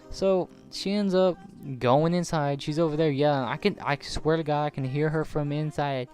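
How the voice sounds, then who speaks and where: A man's voice: a little high, fairly even intonation, moderate pace, few pauses, darkish tone, smooth, faint music behind. A young man in his late teens telling a personal story casually over gameplay, rambling and swearing with lots of "like". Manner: rambling, profane, full of "like". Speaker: gaming channel host.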